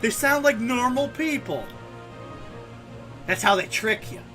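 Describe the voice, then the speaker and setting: A man's voice: very high voice, expressive, a little slow, bright, forceful tone, faint music behind. A man streaming a game and chatting casually in a sarcastic, rambling way. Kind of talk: casual gaming commentary.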